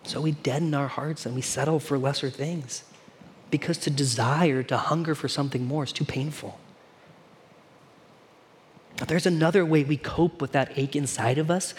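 A man's voice: fairly high pitch, fairly even intonation, normal speed, husky. A man preaching a sermon to his congregation in a casual, conversational way, often asking them questions. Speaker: pastor. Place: church hall.

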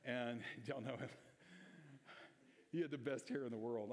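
A man's voice: mid-range voice, fairly even intonation, a little slow, pauses often. A man pastor preaching a sermon, conversational and emphatic, asking rhetorical questions of the congregation. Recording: long reverb of a church hall.

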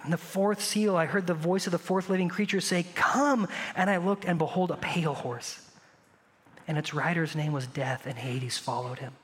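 A man preaching a sermon as pastor, conversational and animated, asking the congregation rhetorical questions. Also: on the high side, moderate pace, long reverb tail.

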